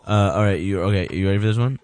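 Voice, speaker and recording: A man's voice: on the low side, rapid-fire, darkish tone, slight background noise. A man in casual chat among friends, playful and showy, between impressions.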